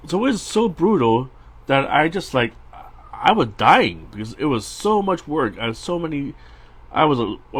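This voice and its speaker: A middle-aged man with a slightly husky voice talks in a loose, rambling way as he sketches. His pitch swings widely, rising when he gets excited and dropping when he mutters to himself, and he often restarts his sentences. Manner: chatty and rambling, with many restarts, fillers and laughs. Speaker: storyboard artist streaming a live drawing session. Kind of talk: casual rambling chat while drawing.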